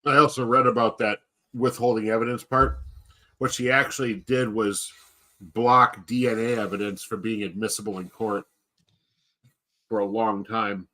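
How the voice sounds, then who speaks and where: A man's voice: lowish voice, level tone, normal speed, pushed and bright. A man chatting casually on a live-stream voice call, crude and wisecracking.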